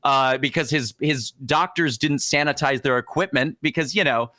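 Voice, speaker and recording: A man's voice: medium pitch, normal speed, bright, forceful tone. A young man co-hosting a podcast, telling a comic history story casually and slipping into exaggerated quoted voices. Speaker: podcast co-host.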